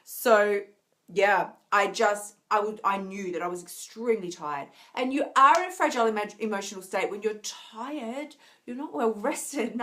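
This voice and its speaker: A tired, emotional woman coach talking earnestly to viewers on a live stream, restarting often and laughing softly. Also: medium pitch. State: tired, near tears. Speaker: wellness coach.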